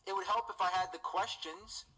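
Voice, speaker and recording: An actor playing a foul-mouthed, exasperated game critic, ranting incredulously through a scripted comedic review. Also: male voice, high-pitched, a little fast, a crowd in the background, close to an everyday voice, rough recording.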